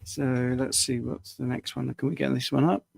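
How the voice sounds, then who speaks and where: Gravelly and husky, his mid-range voice moves at a moderate pace with no echo. He's a health coach from the UK, answering live-stream viewer questions casually and rambling, with little self-deprecating laughs. A long day at the screen has left him tired.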